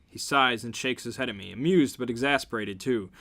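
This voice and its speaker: A man's voice: medium pitch, brisk, hardly any pauses. A man giving a comedic dramatic reading, narrating and breaking in with sarcastic, mocking asides. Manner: sarcastic, jumps to loud mocking outbursts. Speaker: reader, channel host.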